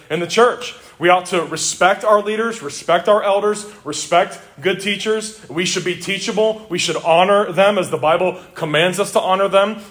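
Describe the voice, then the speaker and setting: Male pastor, emphatic sermon delivery, slightly higher voice, deliberate scripture reading. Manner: emphatic, swings between loud declarations and low intense asides.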